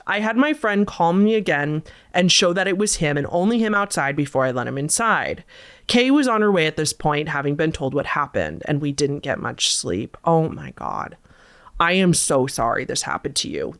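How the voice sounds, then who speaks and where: A woman host reading viewer-submitted scary stories aloud and breaking in with disgusted, sarcastic asides. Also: fairly low pitch. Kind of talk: storytelling reading with reactions.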